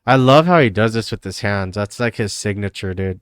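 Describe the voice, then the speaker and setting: Guy streaming, rambly and sweary, says dude nonstop, smooth clear voice, dry close sound. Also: on the low side, lively intonation, a little fast, no echo. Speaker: livestreamer. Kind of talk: casual livestream chat.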